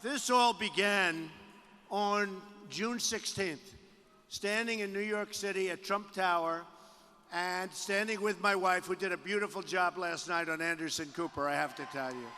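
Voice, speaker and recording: A man giving a campaign rally speech as a political candidate, repetitive and boastful, with sudden shouted bursts. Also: high-pitched, measured pace. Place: large rally venue. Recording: long arena reverb with faint crowd.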